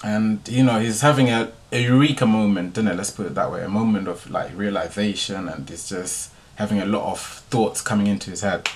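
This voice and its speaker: A young man hosts his podcast and talks through a story in a loose, chatty monologue. His voice sits a little low, and he keeps tacking tag questions onto his sentences. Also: fairly quick, hardly any pauses, a little hiss or hum. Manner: laid-back slangy delivery, tag questions. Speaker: podcast host.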